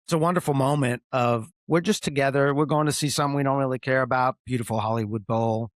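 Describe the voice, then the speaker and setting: A man's voice: mid-range voice, fairly even intonation, quick pace, dry recording, clean studio sound. A man hosting a podcast, giving reflective, affirming responses in casual conversation. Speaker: podcast host.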